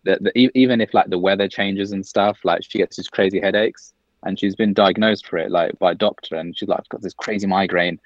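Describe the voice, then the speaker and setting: A man, a business-owner guest on a podcast, telling stories in a quick, chatty way full of "like" fillers, recorded over a call from his office. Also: deep voice, steady tone, no room sound, lo-fi sound. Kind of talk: casual podcast conversation.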